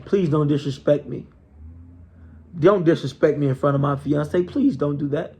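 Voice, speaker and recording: A man's voice: on the high side, moderate pace, mellow, husky. A man voicing a vengeful jilted fiancé who speaks in a stern, menacing way.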